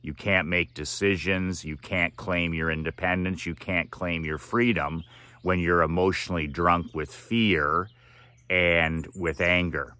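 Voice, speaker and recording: A man with a very low voice and a forceful, bright edge, talking in an emphatic, preachy way. The sound is close and dry, with no room echo. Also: fairly even intonation, measured pace. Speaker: motivational speaker. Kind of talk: direct-to-camera monologue.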